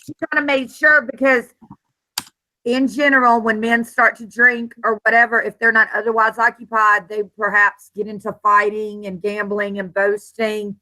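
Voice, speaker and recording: A woman in a casual group chat, making thoughtful, measured points. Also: on the high side, little pitch movement, pushed and bright, low-quality recording.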